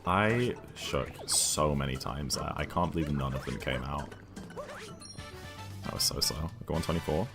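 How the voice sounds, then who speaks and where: A man's voice: very deep voice, measured pace, over music. A British man streaming a video game, chatting casually and thinking aloud while answering viewers' questions. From United Kingdom.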